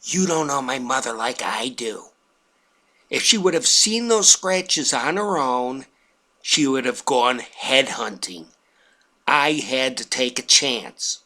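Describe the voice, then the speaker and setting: A man voicing his smug, gleeful wife, calm and nonchalant with a snarky edge. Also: on the high side, normal speed, hardly any pauses, exaggerated voice. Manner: nonchalant, matter-of-fact.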